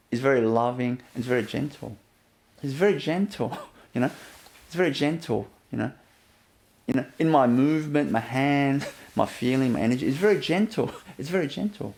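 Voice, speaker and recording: A man giving a gentle inspirational talk as a spiritual teacher, often laughing softly and leaning on "you know" as he repeats himself. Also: fairly high pitch. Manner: repetitive, fills with "you know".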